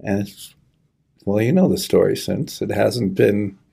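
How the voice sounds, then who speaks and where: A middle-aged man telling a personal story in an earnest, halting way, choking up as he goes. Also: fairly low pitch, gravelly, mellow, husky. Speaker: guest sharing a personal story. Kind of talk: conversational testimony.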